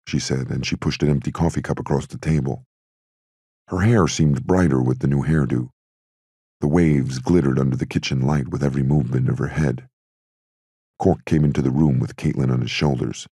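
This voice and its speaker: Very deep gravelly male narrator. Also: dry recording, clean studio sound. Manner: steady, measured storytelling. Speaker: audiobook narrator. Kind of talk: audiobook narration.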